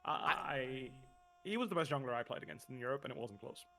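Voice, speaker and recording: A man's voice: medium pitch, lively intonation, fast, pushed and bright. A young man and former pro gamer chatting casually on stream, rambling and repeating words, swearing often.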